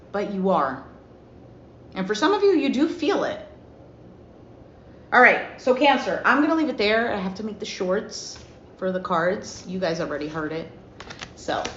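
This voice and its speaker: A woman giving a casual tarot reading, chatty and animated, acting out little everyday dialogues as she talks. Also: medium pitch. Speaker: tarot reader. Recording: roomy, slightly dull with faint noise.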